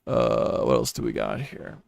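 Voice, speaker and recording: Blunt, rambling man with a smooth voice. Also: on the low side, very animated, measured pace, dry recording, dull audio. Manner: rambling, profane storytelling; blunt, offhand advice. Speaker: livestream host. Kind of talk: casual livestream chat.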